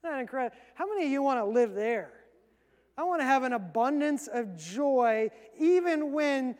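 High-voiced male pastor preaching. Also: big-room sound. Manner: conversational preaching, acts out quick asides. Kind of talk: sermon.

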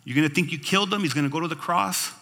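A male pastor delivers an expressive sermon, his high, piercing voice carrying a long reverb through a church hall. He reads scripture and stops to comment, often turning to the congregation with "right?" and "Amen?". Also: racing. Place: church sanctuary.

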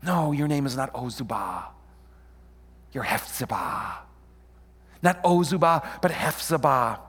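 A middle-aged man preaching a sermon as pastor, animated and playful, often questioning and joking with his congregation. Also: medium pitch, a little slow, husky, in a large hall. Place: church sanctuary.

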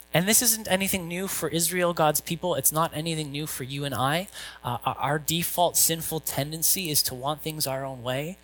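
A man's voice: fairly high pitch, a bit bright, rough recording. A male pastor giving a conversational sermon, asking rhetorical questions and reading scripture.

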